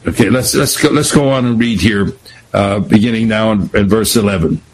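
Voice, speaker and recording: A man teaching a Bible study lesson, retelling scripture in an animated, digressive way. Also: on the low side, fairly quick, slight background noise, rough recording.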